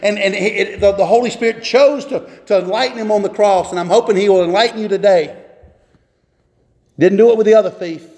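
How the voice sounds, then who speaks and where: A man's voice: high voice, a little fast, a little mellow. A man in his twenties or thirties preaching a sermon as pastor, impassioned and voicing biblical figures in quotes. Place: church sanctuary. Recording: echoey church hall.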